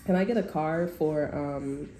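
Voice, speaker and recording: Low-pitched and a little slow, a woman delivers an informal tarot reading to the camera. She's frank and foul-mouthed, with plenty of fillers, and the audio has a roomy echo plus faint background noise.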